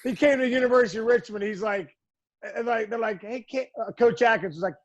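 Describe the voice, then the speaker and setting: A man in his forties, a former pro ballplayer, chatting as a podcast guest and telling animated, laughing stories with quoted lines. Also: very high voice, quick pace, no echo, highs cut off. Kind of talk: casual storytelling chat.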